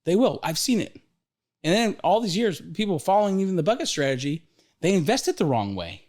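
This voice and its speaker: A middle-aged man hosting a podcast, telling stories in a lively, rambling way, often restarting his sentences. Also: high voice, a little fast. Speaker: podcast host, financial advisor. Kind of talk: casual storytelling conversation.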